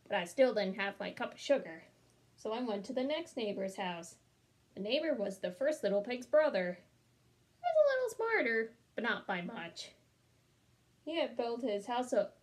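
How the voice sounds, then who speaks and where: Woman reading as a wry, chatty wolf. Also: a little high. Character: smooth-talking male wolf defending himself. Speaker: storybook reader. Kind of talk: children's read-aloud.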